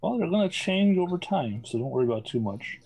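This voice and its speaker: A man's voice: a little high, sing-song, brisk, darkish tone, low-quality recording. Game master, male, wry and playful, explains rules between quips. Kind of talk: running a tabletop game.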